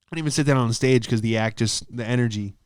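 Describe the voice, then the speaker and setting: A male comedian riffs loosely and swears freely, wandering off topic and then circling back. His voice is smooth and clear. It sits close to a mic in a dry room. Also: mid-range voice, fast, dry recording. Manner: rambling, profane, loses his train of thought. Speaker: stand-up comedian and podcast host. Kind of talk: casual comedic monologue.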